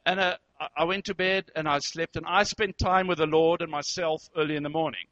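A man with a high, bright voice tells a story to an audience, acting out lines and noises with animated energy. He speaks as a therapist. The recording is dry and slightly dull, with a lo-fi sound. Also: a little fast, no echo. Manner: animated, acts out dialogue and sound effects. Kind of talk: storytelling talk.

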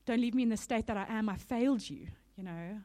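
A woman voicing a remorseful adult male disciple who pleads quietly, in a sermon retelling. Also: a little high, quick pace, close to an everyday voice.

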